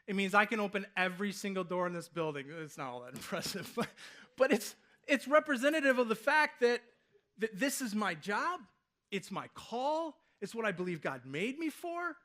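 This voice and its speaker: A man's voice: high voice, expressive, normal speed, bright, forceful tone. A man in his thirties, a pastor preaching a sermon from a church stage, in a loose conversational way full of rhetorical questions. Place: church stage before a congregation.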